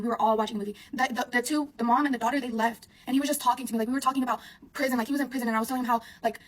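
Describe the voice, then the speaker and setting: Young woman, rapid-fire delivery, slightly high voice, rambling storytime, lots of filler and swearing. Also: fairly bright tone. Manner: rambling, heavy use of "like", frequent swearing. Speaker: vlogger. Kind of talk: casual storytime monologue.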